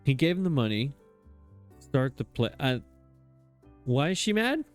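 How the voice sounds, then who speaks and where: A man's voice: medium pitch, sing-song, unhurried, faint music behind. A man hosting a cozy farming game let's play, chatting casually and joking about the story with frequent laughs. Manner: jokey, self-deprecating, laughs often. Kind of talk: casual gameplay commentary.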